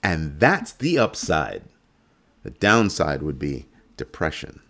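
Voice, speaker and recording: A middle-aged man with a very low voice rants as host of his own finance show. He sounds heated and sarcastic, and he leans hard on his points. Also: sing-song, slow, vocal fry, fairly bright tone. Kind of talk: ranting monologue.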